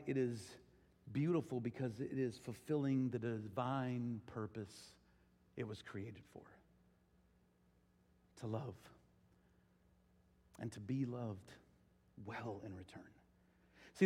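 Male preacher, high-pitched voice, chatty sermon in a big church hall with long echo. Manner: conversational preaching, rising to excited storytelling. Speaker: pastor. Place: large church auditorium.

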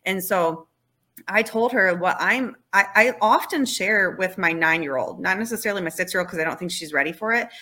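A woman's voice: mid-range voice, a little fast, bright, forceful tone. A woman in her thirties, a podcast guest, talking candidly and reflectively about parenting in casual conversation. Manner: candid, self-reflective storytelling.

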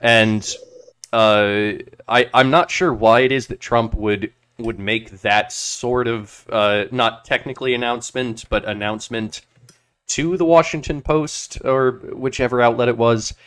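A man's voice: mid-range voice, steady tone, unhurried, a bit bright, clear, resonant tone. A man hosting a casual political podcast, talking hesitantly with constant filler sounds. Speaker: podcast host.

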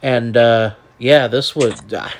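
A man's voice: mid-range voice, fairly even intonation. A man co-hosting a casual sports podcast, chiming in with team nicknames and conference trivia. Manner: chatty, quick to add team trivia. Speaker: podcast co-host.

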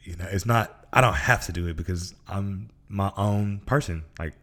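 A man's voice: low voice, normal speed, fairly bright tone. A man from Memphis, hosting a casual motivational podcast monologue in a laid-back, slangy way. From Memphis, Tennessee. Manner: laid-back, slangy, acts out voices in stories. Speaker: podcast host.

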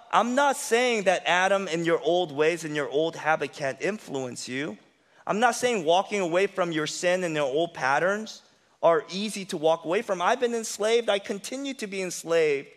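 High-voiced pastor preaching. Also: male voice, fairly bright tone, big-room sound. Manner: conversational and humorous, acts out inner voices. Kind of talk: sermon.

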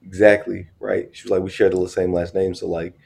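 Deep gravelly man, casual banter. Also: fairly quick. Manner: joking, teasing, animated storytelling with profanity. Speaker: podcast co-host. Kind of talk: casual chat.

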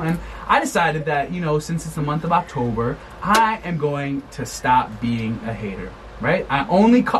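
A man's voice: fairly high pitch, slight background noise. A young man hosting a student podcast, chatting in a playful, rambling and jokey way. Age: young adult. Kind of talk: casual chat.

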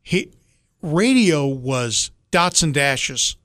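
A man co-hosting a radio show, chatting casually and chiming in with quick remarks. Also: a little high, big pitch swings, a bit bright, dry recording, clean studio sound. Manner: quick interjections, conversational. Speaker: radio co-host.

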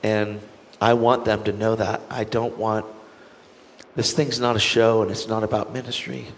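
A man speaking as an evangelist guest, giving an impassioned, earnest testimony full of quick restarts and acted-out dialogue. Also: on the low side, long reverb tail, slight background noise. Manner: earnest, animated, frequent restarts, acts out quoted dialogue.

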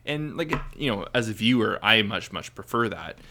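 Podcast co-host, male, low-ish bright voice, loose rambling delivery full of fillers. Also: expressive, moderate pace. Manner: rambling, many fillers and restarts. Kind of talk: casual chat.

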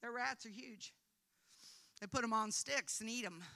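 A woman preacher tells a personal mission story to her congregation. Her voice is bright and clear. She moves between quiet narration and loud, emphatic preaching, and she laughs at herself along the way. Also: on the high side, normal speed. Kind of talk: sermon testimony.

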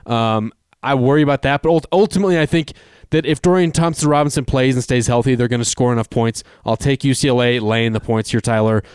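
A man's voice: mid-range voice, fast talker, a little mellow, clear, resonant tone, no echo, studio quality. A man co-hosting a sports betting show, talking through his picks casually with lots of fillers and hedges. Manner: hedging, conversational with many fillers.

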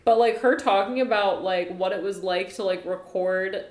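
A woman's voice: mid-range voice, normal speed, a little mellow. A young woman chats on a podcast, stringing long stories together with "like" and dry sarcastic asides. Her voice sits in a roomy, echoing space. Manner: chatty, lots of "like" fillers, sarcastic asides. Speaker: podcast co-host. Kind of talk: casual chat. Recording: roomy echo.

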